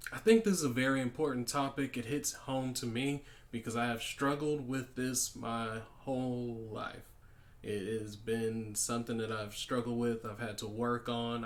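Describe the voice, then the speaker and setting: A man speaking in a relaxed, conversational monologue at a middle pitch. He often restarts his sentences and slips into quick acted-out exchanges to make his point. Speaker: podcast host. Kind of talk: casual monologue giving life advice.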